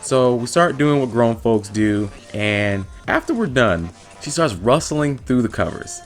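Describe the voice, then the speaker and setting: A man's voice: medium pitch, unhurried, faint music behind. A man vlogger telling a funny story from his past in a casual, blunt and profane way. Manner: profane, blunt, animated retelling.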